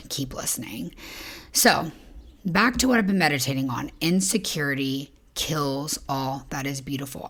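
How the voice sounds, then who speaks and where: A woman hosting a podcast in a low, husky morning voice, talking softly and reflectively and often dropping into a breathy whisper. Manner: soft, breathy, drifting into whispers. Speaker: podcast host. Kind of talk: reflective motivational podcast talk.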